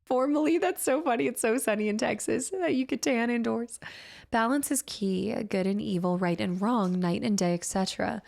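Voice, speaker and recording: A woman's voice: on the high side, normal speed, gravelly, darkish tone. A woman streaming a horror game live, chatting with viewers and reading on-screen text aloud as she plays.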